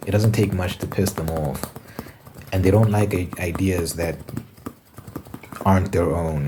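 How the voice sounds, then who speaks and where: A man's voice: deep voice, background noise. A young man rambling casually in a monologue to his viewers, often restarting his thoughts. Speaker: vlogger.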